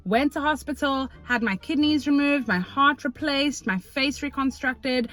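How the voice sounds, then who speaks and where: A young South African woman talking to camera from her car, telling a story in an excitable, chatty way with lots of slang and fillers. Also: high-pitched, moderate pace, hardly any pauses. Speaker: vlogger. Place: parked car.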